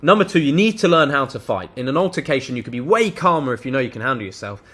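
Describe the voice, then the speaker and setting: A man's voice: mid-range voice, animated, quick pace, a bit bright. A young man giving blunt, casual advice straight to camera, swearing freely as he tells a story. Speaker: self-improvement vlogger. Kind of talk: direct-to-camera advice monologue.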